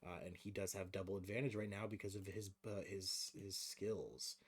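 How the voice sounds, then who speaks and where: A man's voice: low voice, level tone, moderate pace, husky. A man running a tabletop role-playing game on a stream, muttering dice rolls and rules and then narrating monster scenes vividly. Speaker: game master.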